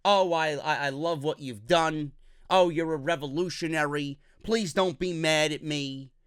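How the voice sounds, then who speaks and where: A man putting on a mocking voice of a soft, apologetic woman wrestler who pleads. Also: on the high side, measured pace, clear, resonant tone. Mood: simpering.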